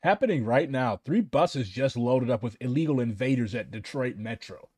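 A young man from Missouri giving casual livestream commentary, ranting in a profane, animated way. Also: medium pitch, normal speed, breathy edge, no echo. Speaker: streamer.

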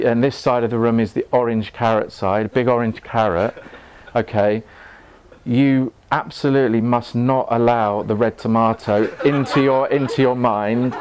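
A man's voice: medium pitch, darkish tone. Earnest man teaching a group. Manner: earnest, halting with many restarts, laughs often. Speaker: meditation teacher. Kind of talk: live talk to a group. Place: room with an audience.

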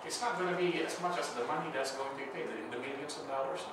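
A man's voice: mid-range voice, fast. Man lecturing in an echoey room. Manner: conversational, asks the class "right?" often, acts out scenarios. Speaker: Bible school lecturer. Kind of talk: casual classroom lecture. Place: church classroom. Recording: echoey room, far mic, background noise.

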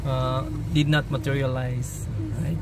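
A man giving halting, slow commentary for a family vlog outdoors by a car in the rain. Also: medium pitch, little pitch movement, background noise. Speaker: family vlogger. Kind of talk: casual family vlog narration.

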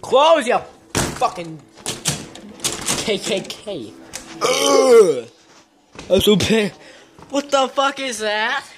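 A young man rants to his phone camera outdoors in fog, cursing in almost every sentence. He talks in a slow, drawn-out way, and a faint hiss sits under his voice. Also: sits high, lively intonation, a bit bright. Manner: swears constantly, grumbling and ranting. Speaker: vlogger. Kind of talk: casual profane rant to camera. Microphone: phone camera held by the speaker.

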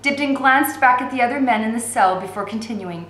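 A woman teacher reading a novel aloud in a steady, expressive way. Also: on the high side, fairly quick, few pauses, roomy sound, low-quality recording. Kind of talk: read-aloud narration.

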